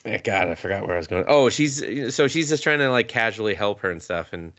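A man's voice: on the low side, expressive, brisk, a bit bright. A man co-hosting a casual anime review podcast, rambling, swearing and laughing between thoughts. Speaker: podcast co-host.

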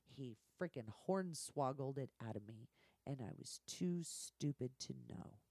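A woman's voice: extremely low pitch, unhurried, no room sound. A woman telling candid, profane stories from her work in a casual podcast conversation. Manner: blunt, profane, animated storytelling. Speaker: guest.

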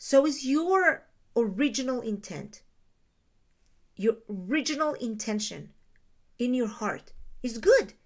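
A woman's voice: a little high, expressive, slow, pauses often. A woman giving a reflective teaching talk on Jewish ideas, explaining terms and asking her listeners rhetorical questions.

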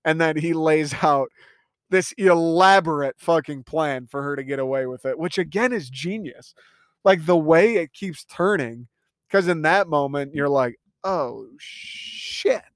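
A man's voice: a little high, measured pace, clean tone, no room sound, clean studio sound. A young man giving a casual, rambling movie review, swearing often and laughing at his own retellings of scenes.

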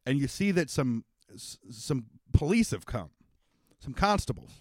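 A man's voice: mid-range voice, very animated, measured pace, dry recording, clean studio sound. A young man narrating a tabletop role-playing game as game master, in a loose, rambling way full of fillers.

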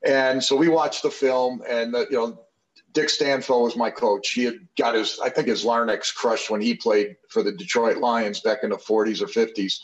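An older man in his sixties sits in as a podcast guest and spins loose, rambling anecdotes, circling back with fillers and restarts. His mid-pitched voice comes through a slightly dull, lo-fi recording. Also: fairly even intonation, unhurried. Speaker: podcast guest, former football player. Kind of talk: casual storytelling interview.

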